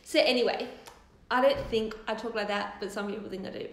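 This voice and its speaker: A woman's voice: medium pitch, steady tone, fairly quick. A woman in her thirties with an Australian accent, chatting and rambling on a live Q&A from her new office, swearing casually. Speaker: hair topper business owner hosting a live Q&A. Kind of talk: casual livestream chat. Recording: roomy office echo.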